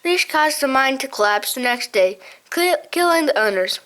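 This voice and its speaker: A woman's voice: high voice, animated, moderate pace, pushed and bright. A woman voicing a frail ancient male mouse who keeps records, muttering and doddering as he talks. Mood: recounting.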